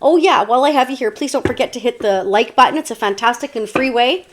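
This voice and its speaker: A woman with a fairly high voice talks through a tarot spread for her viewers. She rambles in a loose, conversational way, full of "like" and "you know," often restarting her sentences. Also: quick pace, slight background noise. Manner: chatty, meandering, many fillers and restarts. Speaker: tarot reader. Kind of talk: casual tarot reading to camera.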